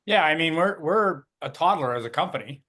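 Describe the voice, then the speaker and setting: A man's voice: fairly high pitch, expressive, a little fast, bright, forceful tone. A man co-hosting a company call, telling a story in a chatty, upbeat way. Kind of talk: casual chat and storytelling.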